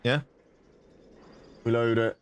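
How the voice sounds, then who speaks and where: A male game streamer talks loosely to his viewers, rambling between explanations, cursing and laughing at his own expense. His voice sits at an ordinary middle pitch, and the sound is dry and close with no room around it. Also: flat delivery, takes it slowly, clear, resonant tone, no room sound. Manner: rambling, swearing, self-mocking with bursts of laughter. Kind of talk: casual live-stream chat.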